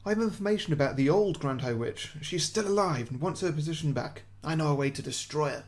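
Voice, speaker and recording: A man voicing a clever, cornered woman who bargains urgently and stammers a little, in a podcast story pitch. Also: lively intonation, fast.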